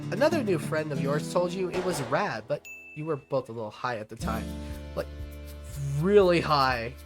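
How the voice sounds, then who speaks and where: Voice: mid-range voice, expressive, moderate pace, soft background music. A let's-play host reading a visual novel aloud and chatting about it in a rambling way with lots of fillers and restarts.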